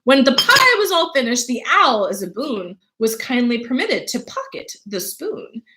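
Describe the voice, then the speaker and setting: A woman's voice: high voice, big pitch swings, moderate pace, pushed and bright, a little hiss or hum, exaggerated voice, rough recording. Woman reading as a girl reciting in a sing-song way. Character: young girl reciting a muddled poem.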